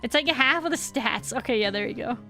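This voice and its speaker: A woman's voice: on the high side, lively intonation, fast, pushed and bright, faint music behind. A woman in her thirties streaming a game, chatting casually and rambling as she answers her chat, with a slightly sick voice.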